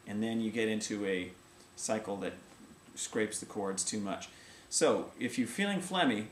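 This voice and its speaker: A man's voice: on the low side, moderate pace. A middle-aged man teaching a casual video voice lesson, explaining vocal technique and breaking into short sung vowel demonstrations. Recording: echoey room with faint ambient noise.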